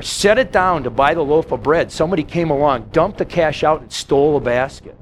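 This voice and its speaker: A man preaching a sermon, telling stories and acting out quick quotes along the way. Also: fairly high pitch, a little hiss or hum. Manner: storytelling with quick acted-out quotes. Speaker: pastor.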